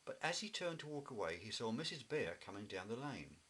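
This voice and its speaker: A man reading a children's story aloud in a gentle, expressive way. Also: mid-range voice, a little fast, slightly rough, poor audio. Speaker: narrator.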